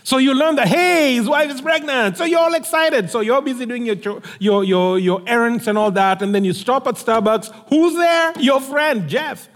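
Guy preaching, high lively voice, big echoey hall. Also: moderate pace, few pauses. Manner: animated storytelling, acts out dialogue. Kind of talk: sermon.

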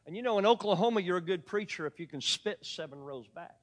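A man's voice: high voice, lively intonation, quick pace. A man preaching a sermon, telling stories from the pulpit with a folksy, joking manner toward the congregation. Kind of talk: sermon with storytelling. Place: church sanctuary. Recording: long church reverb.

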